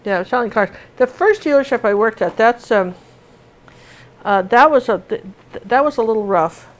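A woman's voice: a little high, lively intonation, moderate pace. Chatty middle-aged woman painting teacher. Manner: chatty and rambling, with many fillers and restarts. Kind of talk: casual tutorial chat while painting.

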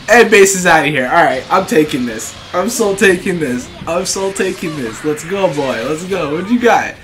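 An excitable man calls his fighting game matches live, his pitch leaping all over as he taunts the other player and laughs. Game music plays clearly behind his voice throughout. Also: moderate pace. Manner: excitable, trash-talking, laughs and shouts often. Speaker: gaming channel host. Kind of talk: live gameplay commentary. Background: fighting game music and sound effects.

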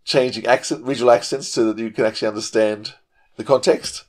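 A man's voice: medium pitch, steady tone, quick pace. A man hosting an interview podcast, asking questions with eager enthusiasm. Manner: enthusiastic, full of praise. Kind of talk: casual interview chat.

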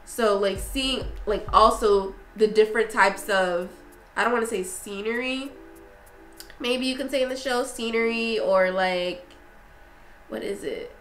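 A young woman vlogging in a casual, effusive way, talking excitedly with lots of fillers and restarts. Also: a little high, unhurried, roomy sound, slight background noise, low-quality recording. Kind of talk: casual review vlog.

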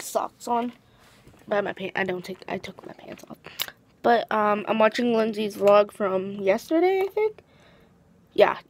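A woman's voice: mid-range voice, noisy background. A teenage girl chatting casually to her vlog camera, tired, rambling and restarting her sentences with giggles. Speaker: vlogger.

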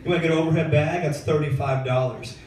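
A man's voice: on the high side, steady tone, fast talker, darkish tone, a little hiss or hum. Laid-back young man doing stand-up. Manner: laid-back, filler-heavy storytelling with slangy asides. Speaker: stand-up comedian. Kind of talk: stand-up comedy set. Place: comedy club stage, live audience. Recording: echoey club room, heard from far off.

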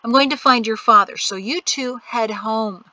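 A woman voicing a brisk protective mother. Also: on the high side, bright, forceful tone, no room sound, low-quality recording. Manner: brisk, instructing.

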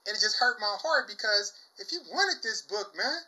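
A young man chatting casually about his comic book finds, exuberant, saying "y'all" often and bursting into loud shouts and laughs. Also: sits high, lively intonation, moderate pace, rough recording. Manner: exuberant, says "y'all" a lot. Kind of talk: casual chat.

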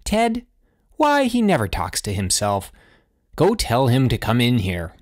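A man voicing an anxious, scolding suburban housewife and mother in an audiobook, somewhat higher than his own voice. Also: wildly swooping pitch, a little slow, no echo, clean studio sound. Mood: worried. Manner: sharp, fussing and scolding. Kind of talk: audiobook character voice.

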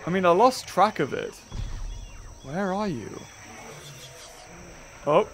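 A British man commentating on a dinosaur park game, breaking into excited shouts and laughter. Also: sits high, takes it slowly, pauses often, slight background noise. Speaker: gaming YouTuber. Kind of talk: excited let's-play commentary.

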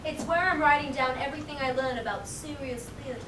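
A woman's voice: high voice, fast, reverberant, heavy background noise, lightly acted. A young woman acting an earnest, self-serious aspiring playwright in a live stage play, speaking in wry, sarcastic asides, taped from far off in a theatre. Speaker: stage actor. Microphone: far camera in audience.

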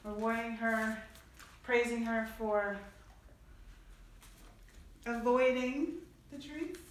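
Woman, dog trainer, slow unhurried commands, higher voice, coaxing praise. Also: steady tone. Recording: distant mic, very echoey room, faint noise.

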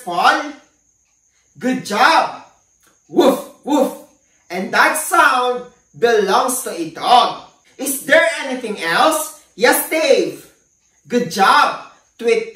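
A woman teacher giving a classroom lesson to an unseen class, speaking slowly and deliberately and praising the pupils often. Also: fairly high pitch, sharp tone, recorded from a distance. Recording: echoey room, voice set back from the mic.

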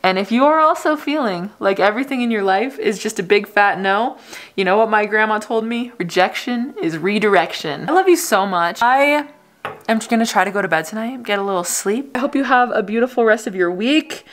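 A woman's voice: mid-range voice, fairly quick. A young woman vlogging a casual bedtime chat to camera at home, telling stories with laughs. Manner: chatty, animated storytelling with laughs. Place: house she is house-sitting, indoors.

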